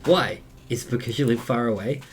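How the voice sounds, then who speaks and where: An Australian man voicing a curious, nervous young gamer in a game, reading questions quietly. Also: mid-range voice, a little fast, slight background noise, pitched below the performer's own voice, natural voice.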